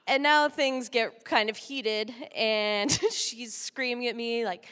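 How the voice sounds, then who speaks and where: Woman from Texas, lively stage storyteller, laughs through it, bright tone, long hall reverb. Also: a little high, slow pace. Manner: animated, laughing often. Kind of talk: live comic storytelling.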